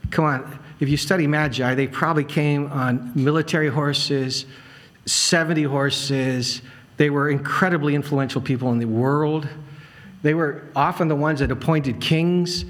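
A man's voice: on the high side, steady tone, a little slow. A middle-aged male pastor preaching a sermon, telling a personal story with emphatic, repetitive phrasing that rises with emotion.

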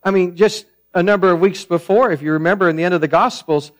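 A man preaching a sermon as pastor, earnest, repeating and restarting phrases, swinging between emphatic peaks and quiet, low passages. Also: fast talker.

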